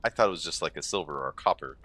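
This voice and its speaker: Deep-voiced, exclaiming gaming host. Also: male voice, animated, rapid-fire, bright, forceful tone, no room sound. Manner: joking, exclaiming, reading choices aloud. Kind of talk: casual let's-play commentary.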